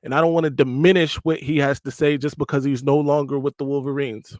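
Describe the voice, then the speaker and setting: A man's voice: medium pitch, level tone, fast, no echo. A man hosting a casual live stream, talking in a chatty, digressive way with joking asides. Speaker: host.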